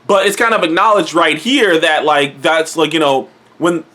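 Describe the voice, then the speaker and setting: A man's voice: on the high side, normal speed, bright, forceful tone. A young man casually reviewing a TV episode, rambling and swearing freely. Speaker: TV show reviewer.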